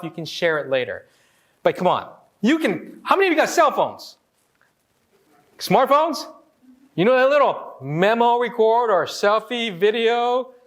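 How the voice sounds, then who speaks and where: A man in his forties from Hawaii giving a lively motivational talk, joking with the audience and acting out quotes. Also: sits high. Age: 40s. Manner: animated, joking, acts out quotes. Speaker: motivational speaker.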